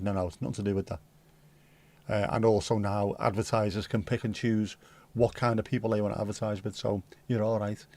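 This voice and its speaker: A man chats loosely on a livestream, wandering from one comment to the next with dry, deadpan jokes. His voice sits at an ordinary pitch, and the sound is close and dry, with no room around it. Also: creaky, no echo. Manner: dry, rambling banter, slips into silly voices. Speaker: livestream host. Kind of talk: casual chat reading viewer comments.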